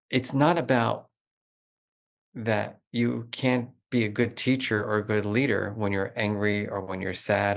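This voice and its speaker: A middle-aged man talking as a guest expert in an interview, animated and explanatory, with lots of "like" fillers. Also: lowish voice, creaky. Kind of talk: conversational interview.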